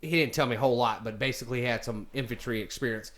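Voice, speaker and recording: A man's voice: mid-range voice, very fast, a bit bright. A man casually telling a story, rambling with many fillers and restarts. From United States. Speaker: vlogger.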